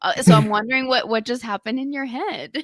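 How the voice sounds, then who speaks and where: A woman in a casual podcast chat, talking in an animated, stumbling way and laughing easily. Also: a little high, a little fast, no room sound, studio quality.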